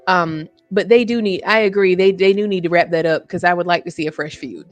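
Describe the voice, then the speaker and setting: A woman co-hosts a casual podcast about wrestling predictions, agreeable and easily amused. Her voice is on the low side and brisk, with no room sound and soft music playing behind her.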